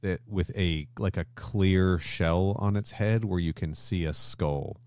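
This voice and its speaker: A very deep-voiced man recaps a story on a podcast, lively and loose, jumping into characters' lines as he goes. His voice is close and dry, with no room sound around it. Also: slow pace, smooth, no room sound. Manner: animated retelling, acts out character lines, swears casually. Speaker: podcast host. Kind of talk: casual chat recapping a story.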